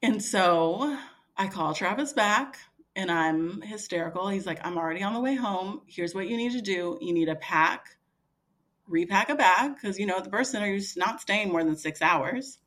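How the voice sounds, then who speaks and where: A woman's voice: medium pitch, moderate pace. A woman in her thirties telling a story casually as a podcast guest, acting out what others said, with many fillers. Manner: animated, quoting others in dialogue, frequent fillers.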